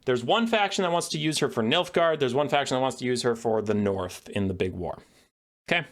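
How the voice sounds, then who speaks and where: A man giving an animated, profane and sarcastic lore rant as a video creator. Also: medium pitch, fairly quick.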